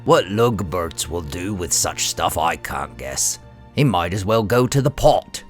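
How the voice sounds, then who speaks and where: A man's voice: sits low, lively intonation, a little slow, faint music behind, pitched below the performer's own voice. A man voicing a callous, scornful male orc captain with a dismissive delivery.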